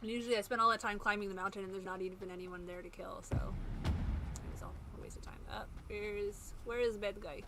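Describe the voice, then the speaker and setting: A woman's voice: medium pitch, level tone, a little fast. A woman in her thirties chatting casually while streaming a game, rambling and self-mocking with frequent laughs. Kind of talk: casual gameplay commentary. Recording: game sound noise in the background.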